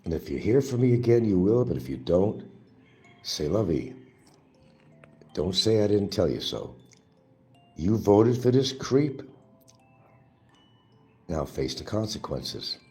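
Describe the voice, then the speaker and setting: A man's voice: deep voice, very animated, slow, pauses often, dark tone, soft background music. A man hosting his own show, delivering an angry, profane and mocking monologue. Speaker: livestream host. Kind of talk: ranting political monologue.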